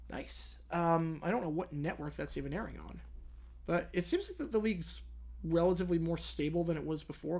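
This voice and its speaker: A man's voice: on the high side, creaky. Chatty, rambling young male streamer. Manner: chatty, rambling, self-correcting. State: yawning, drowsy. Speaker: live-stream host answering chat. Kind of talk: casual live commentary and Q&A.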